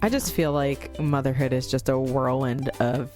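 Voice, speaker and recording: A woman's voice: rumbling low, normal speed, darkish tone, faint music behind. A middle-aged woman, a podcast co-host, telling a family story in casual chat, acting out the voices of people she quotes and swearing freely.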